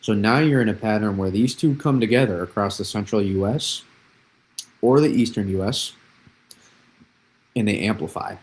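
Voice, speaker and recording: Man, fairly low voice, live weather analysis host, explanatory, repeats himself, restarts sentences. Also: moderate pace, long pauses, poor audio. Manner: explanatory, repeats key phrases, frequent restarts.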